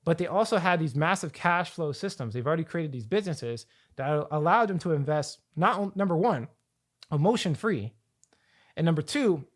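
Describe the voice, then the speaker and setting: A man coaching viewers on finance in an energetic, rambling talk to camera, often repeating and restarting his phrases. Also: on the high side. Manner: energetic, rambling, hype-building. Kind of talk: hyped talk to camera with slides.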